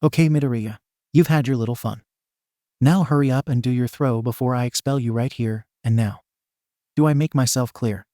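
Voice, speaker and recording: A stern, fed-up male teacher from a comedy fan story, words pushed out through clenched teeth, voiced by a male narrator. His voice is mid-pitched, and the recording is dry, with no room echo. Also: moderate pace, dark tone, natural voice. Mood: seething. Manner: seething, clipped through teeth. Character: stern, exasperated adult male homeroom teacher.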